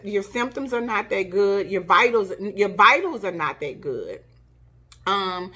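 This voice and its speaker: A middle-aged woman telling her own story casually to her channel, acting out the quoted lines, with a cough. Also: medium pitch. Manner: animated retelling, acts out quoted dialogue. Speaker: vlogger.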